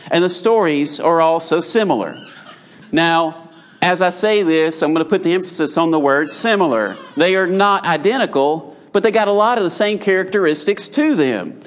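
A man preaches an evening sermon, his voice sitting a little high. He talks to the congregation directly and conversationally. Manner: conversational, addresses the audience directly.

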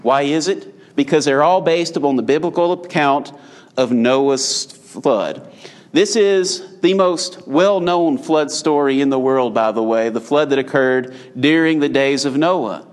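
Preacher, higher-pitched man. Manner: conversational, addresses the audience directly. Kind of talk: evening sermon.

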